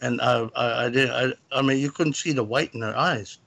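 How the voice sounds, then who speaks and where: A man calling in as a guest, telling a personal story in a rambling, halting way. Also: mid-range voice, gravelly, a bit bright. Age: adult, lived in California. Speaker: guest caller. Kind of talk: casual storytelling.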